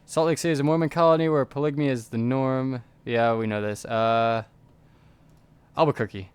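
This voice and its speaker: A man's voice: mid-range voice, steady tone, a little fast, smooth, dry recording. A man playing a text adventure game, reading the story aloud and commenting casually. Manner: casual, hesitant reading with fillers. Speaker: gamer.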